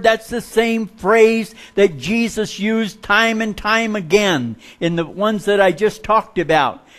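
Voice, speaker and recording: A man preaching in a folksy storytelling way, with a fairly high voice for a man. He mixes light humor into the sermon and drops to a hush when a story turns tense. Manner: drops to a hushed voice for suspenseful stories.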